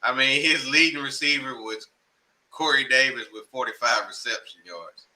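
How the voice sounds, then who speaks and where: A man's voice: medium pitch, moderate pace, bright, forceful tone, rough recording. A laid-back man co-hosting a sports picks show, using slang and reading off game stats. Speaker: co-host. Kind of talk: casual sports chat.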